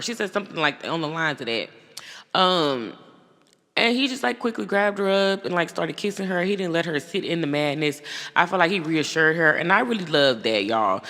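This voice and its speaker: A woman hosting a podcast, giving blunt, profane, animated commentary in a casual way. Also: low voice, fairly quick, big-room sound. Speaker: podcast host.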